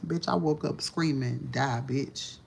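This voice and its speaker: A woman's voice: very deep voice, unhurried, gravelly, a little hiss or hum. A woman doing a live-streamed tarot reading from home, ranting in a profane, agitated way. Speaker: tarot reader.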